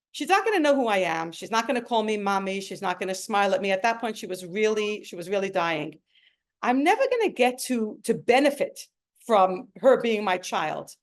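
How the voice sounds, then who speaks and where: A middle-aged woman, telling her personal story in an earnest, emotional way. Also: mid-range voice. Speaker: speaker sharing a personal story. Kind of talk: personal testimony talk. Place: home.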